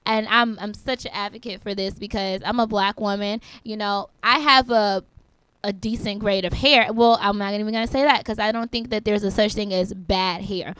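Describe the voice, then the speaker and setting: Chatty woman podcast co-host, smooth voice. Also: medium pitch, steady tone, moderate pace, a bit bright, no room sound. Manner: chatty, repeats herself while thinking aloud. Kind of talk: casual chat.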